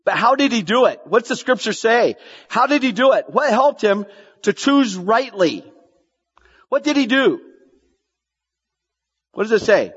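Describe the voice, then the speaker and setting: A male pastor preaching with a high, lively voice that swings widely as he presses questions on the congregation. The sound is dull and lo-fi, with a long reverb trailing off the church walls. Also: a little slow, pauses often, breathy edge. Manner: animated preaching, repeats lines for emphasis, asks the congregation questions. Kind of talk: sermon.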